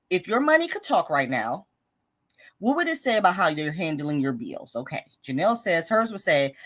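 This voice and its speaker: A woman's voice: mid-range voice, a bit bright. A woman hosting a live budgeting stream, chatting casually and reading viewer comments aloud in an upbeat, encouraging way, laughing often.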